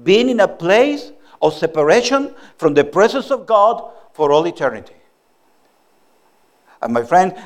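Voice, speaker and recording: A middle-aged man delivers a sermon in a notably high voice. He teaches earnestly and plainly, building his points from everyday examples. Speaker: preacher.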